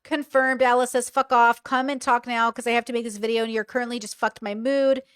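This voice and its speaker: A woman's voice: on the high side, steady tone, quick pace, smooth. A woman hosting a reaction commentary, reading text messages aloud in a sarcastic, incredulous way and swearing freely. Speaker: commentary host.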